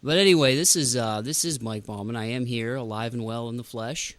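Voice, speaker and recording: A man's voice: medium pitch, brisk, dry recording. A man hosting a podcast, in casual playful chat with a friend. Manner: playful, jokey, slips into silly voices. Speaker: podcast host.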